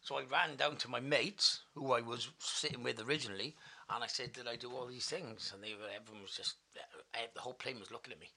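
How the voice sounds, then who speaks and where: A man's voice: mid-range voice, fast, vocal fry, breathy edge. A Welsh man telling a wild story in a casual, sweary way, laughing as he goes. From Wales. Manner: sweary, animated, laughs through his story. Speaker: guest.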